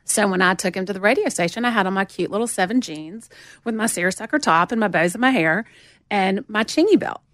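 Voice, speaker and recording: A woman in her forties with a Southern US accent, telling lively stories as an interview guest. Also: brisk, no room sound, clean studio sound. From Montgomery, Alabama. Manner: animated storyteller, acts out quotes in a higher voice. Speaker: guest, music promotion veteran. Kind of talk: casual storytelling interview.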